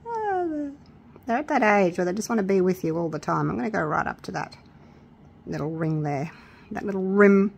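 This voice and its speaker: A woman chatting casually through a resin crafting tutorial, excitable and gushing with delight. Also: mid-range voice, moderate pace, gravelly, husky. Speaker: craft vlogger.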